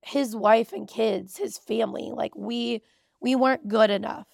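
Candid woman podcaster with a gravelly edge. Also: a little high, steady tone, measured pace, no room sound, studio quality. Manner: candid, emotional, tearful at times. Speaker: podcast host. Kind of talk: personal podcast storytelling.

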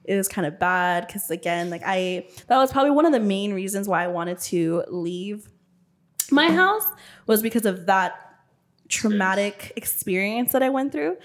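A woman hosting a casual podcast, reacting loudly to her guest, laughing and swearing as she chats. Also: mid-range voice, expressive, normal speed. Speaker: podcast host.

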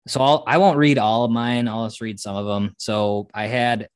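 Young man, podcast co-host, relaxed and wry, mid pitch, dry close recording. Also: normal speed, no room sound. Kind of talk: casual chat.

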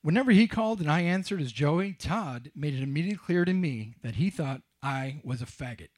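A middle-aged man telling a wry, self-mocking personal story on stage, with halting restarts. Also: fairly high pitch, lively intonation. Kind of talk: live storytelling.

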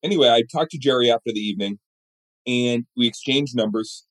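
A man's voice: mid-range voice, fairly quick. A middle-aged man in an interview, telling stories with energy and acting out the voices of the people in them. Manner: animated storyteller who acts out other people's voices. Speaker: guest. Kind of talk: storytelling interview chat.

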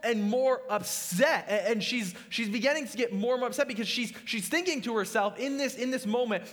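A man's voice: extremely high pitch, fairly quick, hardly any pauses, a bit bright. A young man preaching a sermon as a pastor, earnest and confessional, often restarting his sentences.

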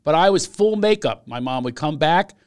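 Wry, slightly high-voiced man joking. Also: expressive, normal speed, clear, resonant tone. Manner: wry, self-mocking storytelling. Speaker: comedian. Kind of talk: casual comedic chat.

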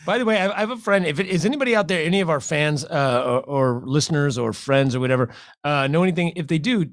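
A man's voice: on the high side, expressive, fast talker, no echo, clean studio sound. A man co-hosting a live show, chatting casually in a joking manner. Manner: jokey, puts on shouted voices in bits. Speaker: livestream co-host. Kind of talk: casual chat.

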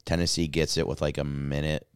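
A man co-hosting a podcast, telling a rambling, excitable story full of swearing, and breaking into yells when worked up. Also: rumbling low, brisk, clean tone, no room sound, studio quality. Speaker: podcast co-host. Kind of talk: casual chat.

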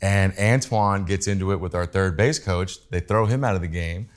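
Low-pitched man, podcast co-host, laid-back, rambling anecdote. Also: moderate pace. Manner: relaxed, rambling, many "like" fillers. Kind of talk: casual chat.

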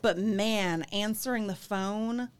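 A woman co-hosting a casual podcast, telling lively anecdotes with animated asides. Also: mid-range voice, slow pace, slight background noise. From northern US. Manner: lively storyteller, animated quotes. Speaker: podcast co-host. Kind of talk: casual podcast chat, storytelling.

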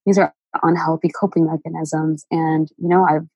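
Creaky, husky-voiced woman, halting and emotional guest, dry close sound. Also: sits low, flat delivery, a little mellow, dry recording, rough recording. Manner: halting, many fillers and restarts, emotional. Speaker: interview guest. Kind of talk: candid personal storytelling.

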